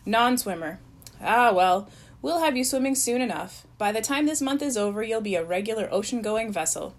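A cheerful young swimming coach, voiced by a woman reading a storybook. He speaks brisk and bright, pitched above her narration, a breezy guy ticking names off a clipboard. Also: animated. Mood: upbeat. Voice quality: brisk, upbeat.

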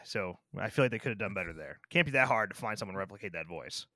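A man's voice: lowish voice, lively intonation, fast, pushed and bright, dry recording, studio quality. A man co-hosting a casual movie review podcast, laid-back and hesitant, often trailing off. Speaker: podcast co-host.

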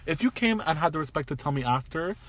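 A man's voice: a little high, lively intonation, fast, fairly bright tone. A man from Toronto, co-hosting a casual chat, blunt and emphatic, swearing freely and getting heated. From Toronto, Canada. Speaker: podcast co-host.

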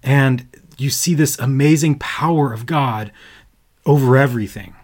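A man's voice: mid-range voice, a little slow, a little mellow. A man co-hosting a Bible podcast, explaining verses in an earnest, conversational way that builds to emphatic bursts. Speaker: podcast co-host. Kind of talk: casual Bible study talk.

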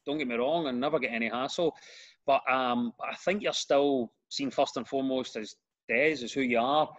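A middle-aged comedian and radio presenter with a Glasgow accent, chatting easily in a podcast interview and telling self-deprecating stories. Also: male voice, medium pitch, normal speed, lo-fi sound. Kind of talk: casual podcast chat.

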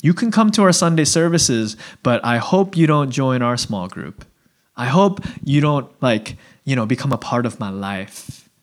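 A male pastor preaching a sermon in a relaxed, conversational way, acting out little voices and asides. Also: medium pitch, measured pace. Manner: conversational, animated, acts out voices.

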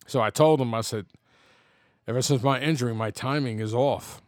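A man's voice: medium pitch, moderate pace, gravelly, no room sound, studio quality. A man of fifty telling personal stories in a casual, rambling way, laughing often and restarting his sentences. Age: 50s. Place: home.

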